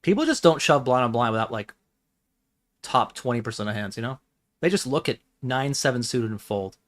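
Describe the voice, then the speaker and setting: A man's voice: medium pitch, lively intonation, a little fast, a bit bright. A man streaming his poker game, thinking aloud in a casual, wry, muttering way. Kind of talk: casual live-stream commentary.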